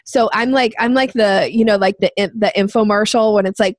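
Animated woman telling a sales story. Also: on the high side, brisk, few pauses, no room sound. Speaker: guest. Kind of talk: storytelling in a podcast interview.

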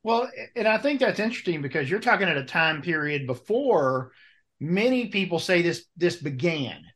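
A man's voice: on the high side, moderate pace. A man hosting an interview, chatty, telling stories and asking his guests questions. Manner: chatty, lively storytelling, asks questions. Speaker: interview host. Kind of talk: conversational interview.

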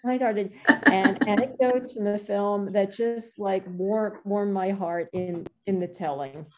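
A woman's voice: medium pitch, slow pace. A woman filmmaker chatting casually in an interview, acting out quotes as she tells stories. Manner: animated storyteller, acts out quotes.

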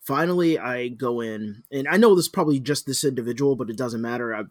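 A man's voice: medium pitch, fast talker. A man with a mid-range voice, talking in casual podcast chat. He grumbles dryly through his stories. The sound is dry and close, with no room echo. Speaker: podcast co-host.

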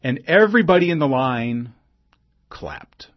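A man's voice: medium pitch, lively intonation, measured pace. Man, storytelling monologue, conversational with asides, slightly muffled lo-fi sound. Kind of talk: personal anecdote monologue.

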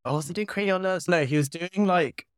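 A British woman co-hosting a podcast, telling stories in casual chat with quiet muttered asides. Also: on the low side, a little fast, no room sound, studio quality. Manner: animated storyteller, mutters asides. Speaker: podcast co-host.

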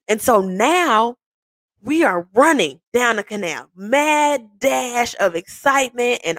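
A woman hosting a personal podcast, telling the story of her proposal to her partner in an animated, playful way. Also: fairly high pitch, normal speed, no room sound. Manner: animated, playful, acts out quoted voices. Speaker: podcast host.

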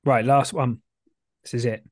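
A man co-hosting a podcast in a relaxed, joking, rambling way. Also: medium pitch, a little slow, no room sound, studio quality. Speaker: podcast co-host. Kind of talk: casual podcast chat.

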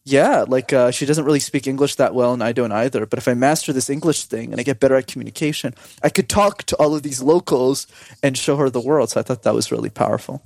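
A mid-pitched man talks fast and with energy as a podcast guest coaching on communication. He slips into lively put-on voices when quoting people. The sound is dry and close to the mic. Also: gravelly, dry recording. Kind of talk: casual podcast chat.

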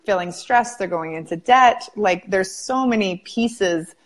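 A woman hosting an interview, telling stories in an animated way and often saying "like". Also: medium pitch, unhurried. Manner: animated storyteller, frequent "like". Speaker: interview host, practice coach. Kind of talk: casual interview chat.

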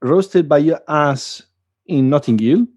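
A man from Europe co-hosting a casual chat, playful and quick to laugh. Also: a little high, darkish tone, highs cut off. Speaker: co-host.

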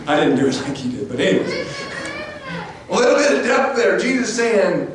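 A man's voice: sits high, very animated, normal speed, pauses often. A man preaching a sermon as pastor, earnest, often restarting and stumbling over his words. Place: church sanctuary. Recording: echoey church room, distant mic, faint noise.

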